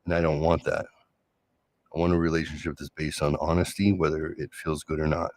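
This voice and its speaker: A man's voice: extremely low pitch, little pitch movement, a little fast, a little mellow. A man hosting a solo show, telling a rambling personal story in a sarcastic, casual way with frequent restarts. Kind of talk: casual monologue.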